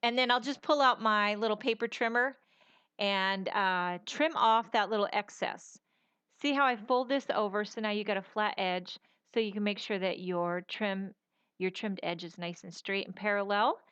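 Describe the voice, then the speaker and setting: Middle-aged lady doing a craft how-to, smooth clear voice, chatty and rambly, dry close mic. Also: medium pitch, normal speed, a bit bright, dry recording, highs cut off. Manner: chatty, rambling, folksy, with fillers. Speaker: papercraft tutorial host. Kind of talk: casual crafting tutorial voice-over.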